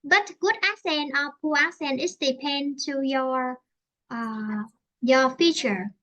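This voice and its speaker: High, bright Vietnamese woman teaching English. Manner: halting, repeats and rephrases often. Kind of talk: online English lesson.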